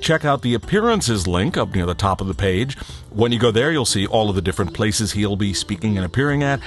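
Low-voiced chatty male podcast host. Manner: chatty, rambling, self-deprecating. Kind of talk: casual podcast chat and announcements.

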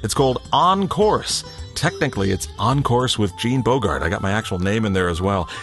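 A man's voice: lowish voice, animated, moderate pace, a bit bright, soft background music. A man hosting a podcast, chatting casually and reading out announcements in a rambling, self-deprecating way. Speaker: podcast host.

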